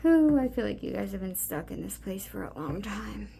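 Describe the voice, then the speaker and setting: A woman giving a soft, meandering spiritual card reading, talking intimately to her listeners with many fillers. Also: medium pitch, sing-song, moderate pace, creaky, slight background noise. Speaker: tarot card reader.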